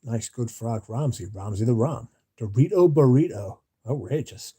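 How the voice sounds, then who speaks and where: A drowsy man rambling through a late-night livestream chat. His voice is very dark and mellow, with a husky edge, and he mumbles now and then as he reads messages aloud. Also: mid-range voice, animated, moderate pace. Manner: drowsy, yawning, mumbles at times. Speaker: livestream host reading chat.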